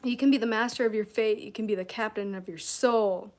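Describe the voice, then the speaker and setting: A woman's voice: medium pitch, moderate pace, few pauses, darkish tone. Michigan-raised lady doing a casual self-help livestream from her house, lots of "you know", giggles a lot. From Michigan, USA. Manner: chatty, laughs often, many "you know" fillers. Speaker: self-help mentor streamer. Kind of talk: casual livestream chat, reading comments. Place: at home, room with candles and incense.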